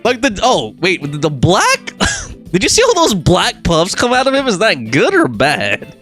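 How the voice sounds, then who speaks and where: A young man hosts a casual game stream, reading dialogue and viewer comments aloud between his own jokes. His slightly high voice leaps all over the place, and he breaks into laughter often. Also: measured pace, soft background music. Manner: animated, laughs often, reads game text and chat aloud.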